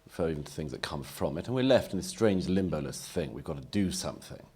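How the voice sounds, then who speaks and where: Very low, breathy male panelist, articulate and wry, polemical debate style. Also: lively intonation, fast talker, a little mellow. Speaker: panel speaker.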